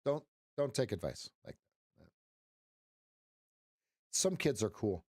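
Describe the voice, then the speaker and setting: A man's voice: mid-range voice, very animated, slow, long pauses, a little mellow, dry recording, clean studio sound. A middle-aged man hosting a casual live trading stream as a coach, rambling and joking with frequent restarts and "right?" tags.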